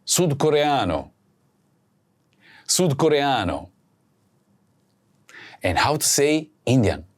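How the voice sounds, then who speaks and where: A man hosting a language lesson, speaking slowly and clearly and saying each word twice for practice. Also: mid-range voice, very animated. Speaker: language teacher host. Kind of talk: slow scripted lesson with repeat-after-me drills.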